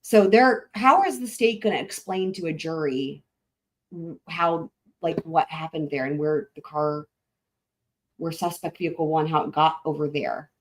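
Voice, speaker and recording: A woman's voice: low voice, measured pace. A woman hosting a live stream, talking her way through maps in casual, rambling commentary with frequent swearing and restarts. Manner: rambling, profane, thinking aloud with frequent "like" and restarts. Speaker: livestream host.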